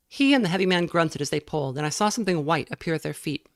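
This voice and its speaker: A woman reading a novel aloud in a measured way, now and then stumbling and correcting herself. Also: deep voice, animated, no room sound, studio quality. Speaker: reader.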